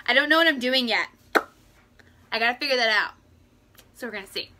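Young woman, makeup livestream host, very bright tone, rambly and friendly. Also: a little high, a little fast, slight background noise. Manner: chatty, greets viewers by name, rambling asides. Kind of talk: casual live makeup tutorial chat. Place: at home indoors.

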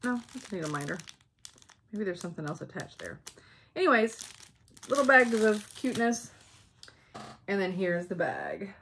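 Lady vlogging at home, gravelly voice, bubbly rambling chat, faint hiss behind. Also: mid-range voice, very animated, moderate pace, long pauses, fairly bright tone. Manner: chatty, bubbly, says um a lot. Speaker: flosstube vlogger. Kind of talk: casual chat showing craft supplies.

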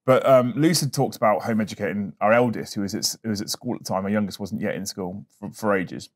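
A man hosting a podcast, telling stories in an animated, casual way and swearing freely. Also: on the low side, quick pace. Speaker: podcast host. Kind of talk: casual chat.

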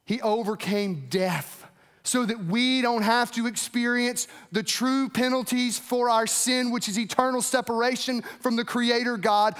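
A man's voice: very high-pitched, a bit bright, long reverb tail. A man preaching a weekend sermon as pastor, earnest, lifting and dropping his voice for emphasis.

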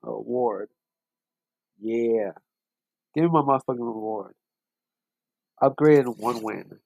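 A young man comments on his racing game in a loose, profane, excitable way. His voice sits in a middle pitch with a gravelly rasp. The sound is dry and close. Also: slow, no room sound, low-quality recording. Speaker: gaming channel host. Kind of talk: casual gameplay commentary.

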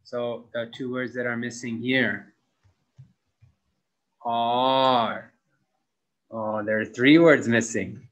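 Young guy teaching english grammar, real slow and drawn out, mid pitch. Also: fairly even intonation, a bit bright, poor audio. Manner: slow, stretches key words to model them. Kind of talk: classroom grammar lesson.

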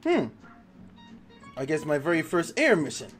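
A man commenting on a video game as he plays, excitable and swearing, laughing at his own fails. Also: a little high, moderate pace, faint music behind. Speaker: gaming YouTuber. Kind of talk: let's play commentary.

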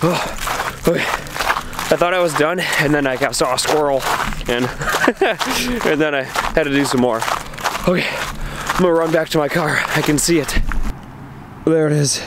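A man's voice: on the high side, lively intonation, a little slow, long pauses, heavy background noise. A young man talking casually to his viewers on a handheld camera, outdoors in freezing weather and cold enough that it shows in how he talks. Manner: chatty, addresses viewers directly. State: cold, shivering. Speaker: vlogger. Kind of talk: casual vlog chat.

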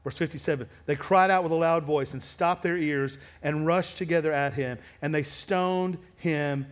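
Blunt high-voiced male preacher. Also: fairly even intonation, normal speed. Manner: blunt, confrontational preaching that drops to quiet asides. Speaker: pastor. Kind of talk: sermon. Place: church sanctuary.

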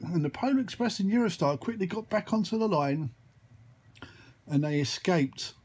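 Storyteller: man with a husky, slightly high voice, rambling made-up tale with sound effects. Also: expressive, normal speed, a little mellow. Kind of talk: improvised storytelling.

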